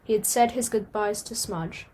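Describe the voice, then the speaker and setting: A woman reading a storybook aloud at a steady pace, now and then stumbling and starting a phrase again. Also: mid-range voice, normal speed, a little hiss or hum. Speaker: audiobook reader.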